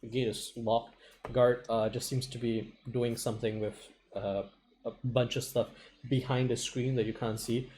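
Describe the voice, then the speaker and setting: A man's voice: medium pitch, little pitch movement, normal speed, darkish tone, a little hiss or hum. Laughing man running a tabletop game. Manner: laughs often, swears casually. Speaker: game master. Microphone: online call.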